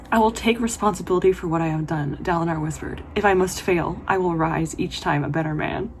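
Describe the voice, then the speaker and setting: A woman's voice: on the low side, vocal fry, a little hiss or hum. A woman book vlogger reading passages aloud in a casual vlog, reacting emotionally with gushing comments. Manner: emotional, gushing reactions with laughs and whispered asides.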